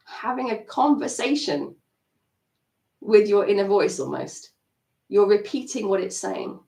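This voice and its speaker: A woman coaching an EFT tapping session on a live stream, animated and acting out her inner self-talk. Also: medium pitch, creaky. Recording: roomy sound, mic at a distance.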